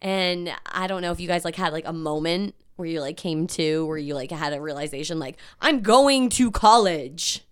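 A woman's voice: low voice, level tone, a little fast, hardly any pauses, clean tone. A woman, a broadcaster and guest, sharing memories in a reflective, chatty way full of fillers. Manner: reflective, tells anecdotes with many fillers. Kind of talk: casual chat.

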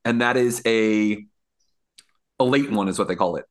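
A man's voice: lowish voice, normal speed. A man co-hosting a podcast who tells an anecdote in laid-back casual chat and swears freely. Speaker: podcast co-host.

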